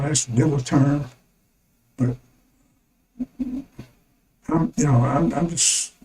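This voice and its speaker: Man, preacher, high voice, mellow dark tone, rambling emphatic sermon, repeats himself. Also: poor audio. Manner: rambling, emphatic, repeats words, addresses listeners as brothers and sisters. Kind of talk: sermon broadcast commentary.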